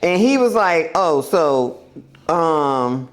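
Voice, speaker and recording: A woman's voice: low-pitched, very animated, slow pace. A woman podcast host telling a story in casual, profane chat, acting out quotes and laughing often.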